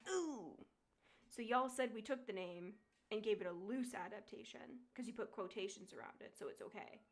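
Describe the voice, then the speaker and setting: A woman in her twenties chatting casually while playing a game, swearing freely and laughing often, reading game lines aloud quietly. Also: medium pitch, a little fast, faint music behind. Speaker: streamer.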